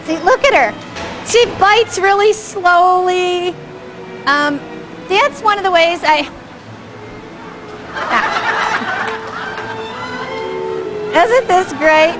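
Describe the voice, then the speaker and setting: A high-pitched woman talks a class through dog-play footage in a chatty, engaged way. She keeps asking her listeners whether they caught each moment and chuckles often. Music plays clearly behind her. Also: big pitch swings, very slow, pauses often, a bit bright, rough recording. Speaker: dog behavior instructor. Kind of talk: live commentary on home video for a class.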